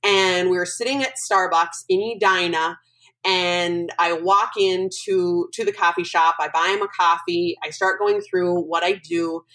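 A woman guest on a podcast, telling a personal story in an animated, emotional way. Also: fairly low pitch, a little slow, low-quality recording. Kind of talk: casual storytelling interview.

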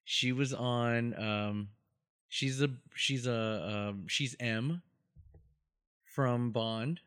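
A man co-hosting a podcast in easy, casual chat. He is playful and laughs often, and he talks in quick bursts. His pitch sits in the middle range. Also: a bit bright, clear, resonant tone. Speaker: podcast co-host.

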